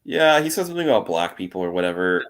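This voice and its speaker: Deep-voiced young man rambling on a podcast. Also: big pitch swings, fast. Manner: rambling, laughs often, swears casually. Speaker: podcast co-host. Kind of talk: casual chat.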